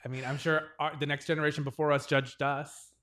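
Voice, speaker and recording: A man in his forties co-hosting a podcast, chatting casually and telling stories with lively acted-out quotes. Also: a little high, fairly quick. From New England, US. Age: 40s. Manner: animated storyteller who acts out the voices of others in his stories. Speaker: podcast co-host. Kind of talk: casual chat.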